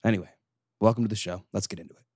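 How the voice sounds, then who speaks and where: A young man in his twenties hosting a solo podcast, chatty and self-mocking, running off on animated tangents into a studio microphone. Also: fairly low pitch, rapid-fire, husky, no echo. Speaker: podcast co-host.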